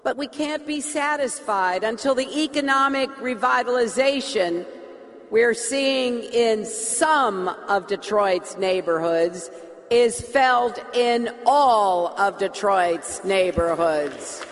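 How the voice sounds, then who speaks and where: A woman politician giving a campaign speech, slow, emphatic and repetitive. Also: a little high. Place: large hall. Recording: reverberant hall.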